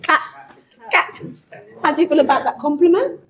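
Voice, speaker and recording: A woman's voice: sits high, lively intonation, normal speed. A woman presenting a dating show, steering contestants with upbeat questions. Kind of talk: TV show hosting.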